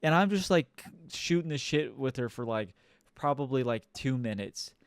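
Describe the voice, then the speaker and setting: A young man chatting on a podcast in a smooth, clear voice, spinning a rambling, profane story. The sound is dry and close to the mic, with no room echo. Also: mid-range voice, animated, moderate pace. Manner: rambling, swears a lot, mimics people in quotes. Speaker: podcast co-host. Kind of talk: casual storytelling chat.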